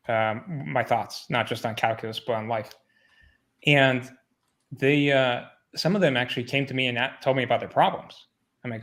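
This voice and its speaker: Profane storytelling man, casual chat. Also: mid-range voice. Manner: profane, animated retelling of exchanges.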